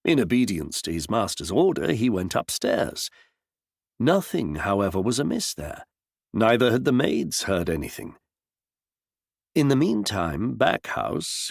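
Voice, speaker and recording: Male audiobook narrator, gravelly, lively intonation, dry close-mic read. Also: lowish voice, no echo. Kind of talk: scripted narration.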